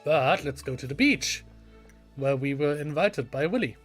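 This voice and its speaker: A man's voice: a little high, expressive, moderate pace, faint music behind. A man giving casual, chatty let's play commentary with a self-deprecating streak, reading game lines aloud. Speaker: gaming channel host.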